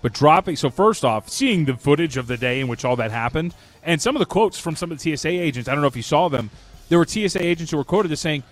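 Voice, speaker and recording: Opinionated male radio co-host, slightly high voice. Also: expressive, fast talker. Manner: opinionated, emphatic, self-mocking. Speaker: radio sports talk co-host. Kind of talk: casual sports radio banter.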